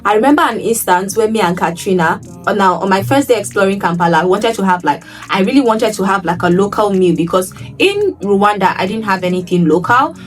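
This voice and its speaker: A woman from Nigeria telling stories to her travel vlog viewers, animated, often repeating words for emphasis. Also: mid-range voice, fairly quick, hardly any pauses, distant mic, faint music behind. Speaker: travel vlogger. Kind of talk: casual vlog storytelling.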